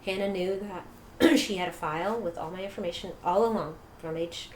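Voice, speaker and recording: A middle-aged woman telling her personal story as an interview guest, animated, laughing often and acting out quoted dialogue. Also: lowish voice, brisk. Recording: echoey room with faint noise.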